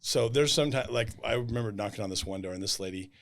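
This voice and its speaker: A man chats casually on a podcast, retelling run-ins from his sales work with lively energy. He often jumps into exaggerated voices to quote the people he meets. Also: fairly low pitch, fast. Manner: animated storyteller acting out quotes. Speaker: roofing salesman, podcast host.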